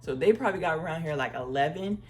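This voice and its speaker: A woman telling a casual story time vlog, acting out the people she quotes and speaking in a relaxed, chatty way. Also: deep voice, quick pace, soft background music. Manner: uses "y'all" and "girl" casually. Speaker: travel vlogger.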